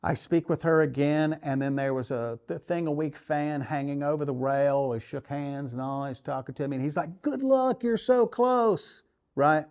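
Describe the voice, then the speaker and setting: Male archery coach, mid-range voice, animated storyteller who acts out his inner voice. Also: medium pitch, moderate pace, hardly any pauses, smooth. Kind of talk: tournament story and coaching talk.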